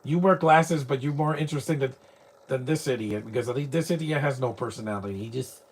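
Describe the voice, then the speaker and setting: A man's voice: medium pitch, fast, husky. Chatty man riffing over a movie. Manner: chatty, laughs often, mocking asides. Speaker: movie commentator. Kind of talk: casual live movie commentary.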